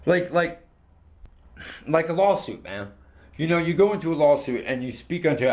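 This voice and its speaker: A man's voice: on the high side, expressive, normal speed, darkish tone. A man in his forties talking casually to a handheld camera while walking outdoors, rambling and earnest, repeating words as he preaches. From United States. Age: 40s. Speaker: vlogger. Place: outdoors on foot. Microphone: handheld camera mic.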